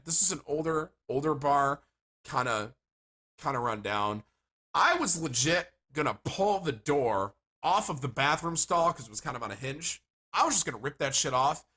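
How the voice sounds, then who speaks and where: A man livestreaming, telling rambling stories to his chat in a casual, animated way and swearing freely. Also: mid-range voice, breathy edge. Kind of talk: casual storytelling to stream chat.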